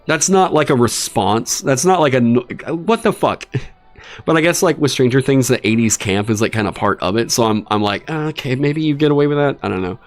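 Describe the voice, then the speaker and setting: A man hosting a livestream, talking casually and swearing in exasperated, animated rants. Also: mid-range voice, moderate pace, soft background music. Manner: animated, profane ranting with exasperated asides. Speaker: streamer hosting a dungeon design stream.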